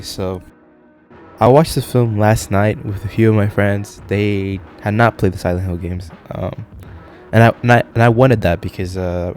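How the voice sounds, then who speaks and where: Young male reviewer, low voice, chatty and profane, faint music underneath. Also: darkish tone. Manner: profane, rambling, loose and chatty. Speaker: film reviewer. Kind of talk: casual spoken review.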